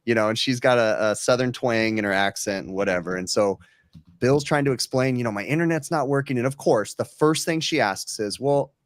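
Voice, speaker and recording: A man co-hosting a casual podcast, telling a funny story with lively swings and acted-out quotes, swearing freely. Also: lowish voice, brisk, no room sound. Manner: animated, swearing, acts out quoted voices. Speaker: podcast co-host.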